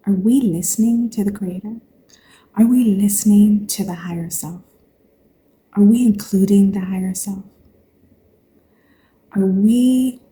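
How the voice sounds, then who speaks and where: A woman's voice: on the low side, warm tone, slight background noise. A woman hosting a spiritual talk, speaking earnestly and preachily to her listeners, calling them y'all. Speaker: spiritual podcast host.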